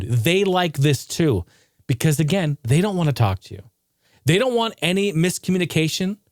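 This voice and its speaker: A man hosting his own podcast, ranting casually and swearing freely. His voice sits a little high, and the recording is dry and close. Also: no echo. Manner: profane, ranting, animated. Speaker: podcast host.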